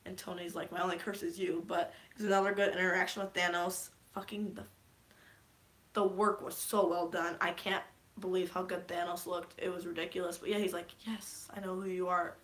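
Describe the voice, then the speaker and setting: A woman casually recapping a movie's plot in a vlog, excitable, swearing freely and geeking out. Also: fairly low pitch, normal speed. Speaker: vlogger.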